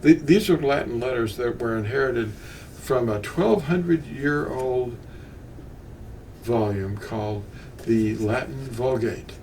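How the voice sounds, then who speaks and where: A man's voice: mid-range voice, slow pace, a little mellow. An older man teaching about scripture in a meandering, unscripted way, often restarting his sentences. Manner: meandering, with frequent restarts and asides. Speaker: bible teacher. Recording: distant mic with faint ambient noise.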